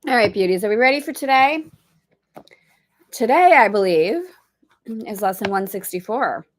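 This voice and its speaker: A woman's voice: medium pitch, animated, moderate pace. A middle-aged woman hosting a spiritual study livestream from a boat, talking in a chatty, upbeat, rambling way with playful asides. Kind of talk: casual livestream chat.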